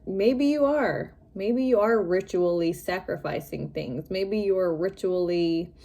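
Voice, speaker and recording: A woman giving a casual tarot reading to her online viewers, talking in an unhurried, drawn-out way at a mid-range pitch. She muses aloud as she turns over cards, chatty and prone to little giggles. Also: warm tone. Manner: musing, chatty, giggles often. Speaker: tarot reader.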